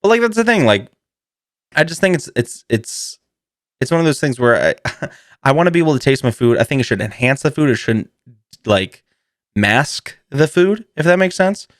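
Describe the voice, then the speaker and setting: A man's voice: medium pitch, big pitch swings, normal speed, pauses often, no room sound, studio quality. A man hosting a podcast, telling a comedic story in a rambling way, swearing freely and laughing often. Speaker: podcast host.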